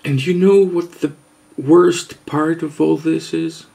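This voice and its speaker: A man vlogger giving a mock-serious confession, halting and hesitant, earnest and overwrought. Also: on the high side, steady tone, gravelly, dark tone. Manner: halting, hesitant, with long pauses.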